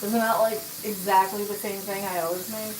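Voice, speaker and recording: A woman's voice: medium pitch, level tone, fairly quick, background noise. A woman hosting a casual cooking livestream, chatting to viewers and talking herself through each step as she works. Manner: chatty, talks to herself and answers chat while cooking. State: out of breath at times. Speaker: livestream host.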